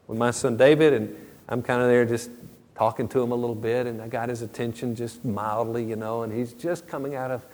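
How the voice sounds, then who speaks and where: A man's voice: mid-range voice, steady tone, fairly quick, a little mellow. A middle-aged man preaching a sermon as a pastor, earnest and conversational, with storytelling asides. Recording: long reverb of a large hall.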